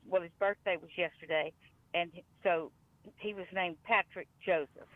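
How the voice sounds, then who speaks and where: A woman's voice: fairly low pitch, fairly even intonation, normal speed, no echo. A woman with a Louisiana accent calling in to a show, telling a family story in a chatty, rambling way. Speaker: caller. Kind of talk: phone-in storytelling. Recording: tinny phone line.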